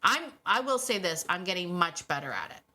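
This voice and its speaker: With a fairly low pitch and a brisk pace, this middle-aged woman runs a solo podcast about dog training. Her bright, clear voice stays casual and lively as she laughs and acts out dogs' imagined thoughts.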